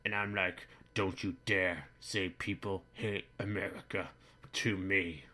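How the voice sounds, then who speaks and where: A boorish, bigoted middle-aged dad, played by a man rambles crudely through a comedic monologue. His voice sits a little low but rings bright and forceful. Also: steady tone, takes it slowly, full character voice. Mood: blustering. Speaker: comedy vlogger in character.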